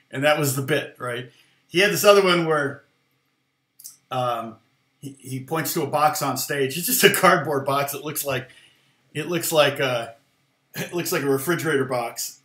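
Guitar teacher guy, middle-aged, rambly with ums and laughs, bright sound, roomy echo. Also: mid-range voice. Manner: rambling, many fillers and restarts, laughs often. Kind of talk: casual storytelling aside.

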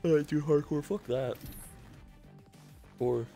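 A man's voice: a little high, takes it slowly, creaky, mellow, faint music behind. Tired, cranky young gamer man. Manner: profane and cranky, swearing constantly. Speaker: gaming channel host. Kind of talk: casual gameplay commentary.

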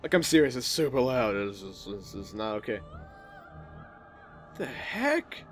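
A young man casually commenting while playing a video game, chatty and jokey with quick reactions. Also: medium pitch, sing-song, faint music behind. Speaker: gaming video host. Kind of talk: casual let's play commentary.

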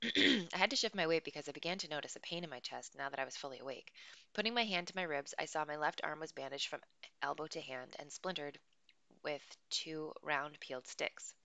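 A woman reading a novel aloud chapter by chapter, slow and careful, with occasional small slips. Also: low voice, sharp tone, dry recording. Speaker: audiobook reader.

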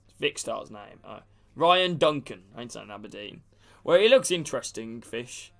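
A man's voice: mid-range voice, expressive, normal speed, gravelly, pushed and bright. A man casually commentating a game stream, chatting with viewers and calling them by name. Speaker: gaming streamer.

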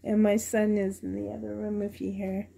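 A reborn doll collector unboxes a doll at home for her vlog, gushing with delight and frequently dropping to a whisper. Her medium-pitched voice is monotone, gravelly and mellow with a breathy edge, delivered at normal speed.

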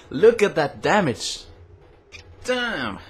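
A young man giving casual, excitable gaming commentary, teasing and swearing at his teammate, recorded on a noisy low-quality webcam mic. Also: measured pace. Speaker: let's play host.

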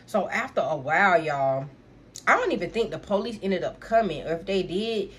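A young woman vlogger telling a casual, animated storytime in slang, talking straight to her viewers. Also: on the low side, normal speed, slight background noise.

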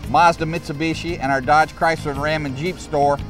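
A man's voice: fairly high pitch, steady tone, brisk, far from the mic, music in the background. A man hosting a car dealership show, bantering in a folksy, joking, salesy way. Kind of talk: casual promotional banter.

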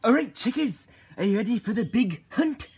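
Brief: bossy hunter dad bird, woman voicing him, impatient, husky. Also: on the high side, animated, normal speed, darkish tone, no echo, full character voice. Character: gruff male bird father, hunter.

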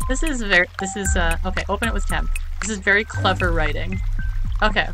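A woman giving casual, excitable commentary while playing a game, often gushing over the characters. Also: mid-range voice, a little fast. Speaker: let's play host. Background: game music.

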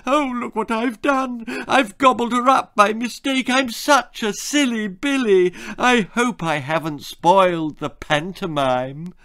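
A man voicing a magic old crocodile who mimics a spoiled girl in a high-pitched, mock-tearful, falsely sorry voice, in a storybook reading. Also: measured pace, hardly any pauses, a bit bright. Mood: mock remorse.

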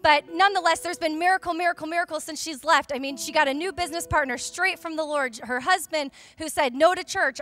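Young woman, high bright voice, fervent church testimony into a handheld mic. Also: a little fast, few pauses. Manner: fervent, emphatic, chatty storytelling. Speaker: pastor's wife giving a testimony. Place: church sanctuary during a service. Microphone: handheld microphone.

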